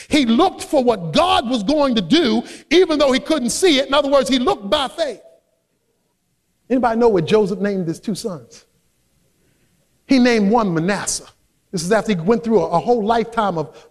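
A man with a very high voice for a man preaches a sermon. He is emphatic and builds from quiet asides to shouted high points, like a pastor working his congregation. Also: big-room sound. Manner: emphatic preaching, swinging between soft asides and shouted peaks.

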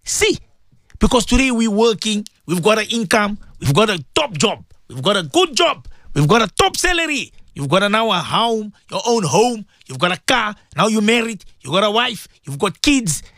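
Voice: medium pitch, sing-song, normal speed, a bit bright, no room sound, clean studio sound. A radio host giving a preaching talk, emphatic and repetitive, asking rhetorical questions and dropping Arabic religious phrases into English.

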